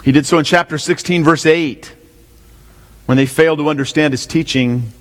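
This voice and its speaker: Fairly high-voiced man preaching in a hall. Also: normal speed. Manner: asks the congregation questions, repeats key lines. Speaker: pastor. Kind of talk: expository sermon. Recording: long hall reverb.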